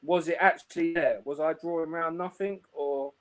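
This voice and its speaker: Casting: London guy as chat guest, higher pitch, relaxed and slangy. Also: moderate pace. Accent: London English. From England. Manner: laid-back, earnest, slang-heavy. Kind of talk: casual chat.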